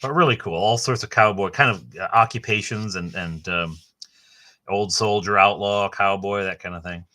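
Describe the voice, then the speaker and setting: A middle-aged man hosting a casual book unboxing, rambling and enthusiastic, with a halting way of talking. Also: on the low side, sharp tone. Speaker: host.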